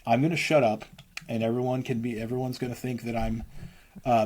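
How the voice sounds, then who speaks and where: A man talking casually as an interview guest, a worship leader, rambling fast and breaking into lines of hymns. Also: medium pitch, little pitch movement, darkish tone.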